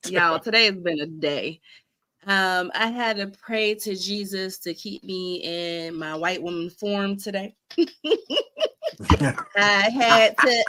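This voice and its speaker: A young woman with a bright, clear voice that sits low for a woman talks frankly and animatedly as a podcast guest. She vents quickly and mixes in laughter. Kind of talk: casual chat, venting.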